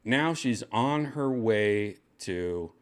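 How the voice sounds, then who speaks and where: A man's voice: fairly low pitch, expressive, drawn-out words, smooth. An older man hosting a casual show from his home, rambling and joking crudely. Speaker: host. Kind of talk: casual chat. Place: second-floor home room.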